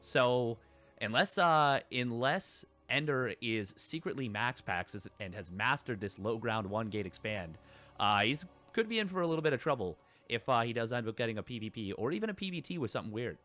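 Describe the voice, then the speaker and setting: A man's voice: mid-range voice, big pitch swings, brisk, bright, forceful tone, soft background music. A man casting a live esports match, rambling and correcting himself with lots of fillers. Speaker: esports caster. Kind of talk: live game commentary.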